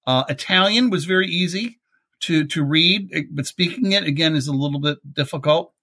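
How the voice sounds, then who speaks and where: A man's voice: fairly high pitch, normal speed, sharp tone. A middle-aged man with a Baltimore accent hosts a podcast in a chatty, rambling way, amused by his own stories. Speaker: podcast host. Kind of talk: casual chat.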